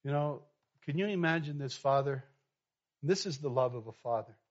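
A male pastor telling a story in a sermon, moving from quiet and soft to loud and animated. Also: mid-range voice, normal speed. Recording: dull lo-fi sound.

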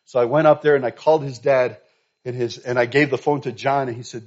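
A man preaching in a church, telling a story and then pushing his point home with sudden loud, emphatic bursts. His voice sits at a middle pitch, and the recording sounds a little dull and lo-fi. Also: fairly even intonation, quick pace. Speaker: pastor. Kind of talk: sermon. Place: church sanctuary.

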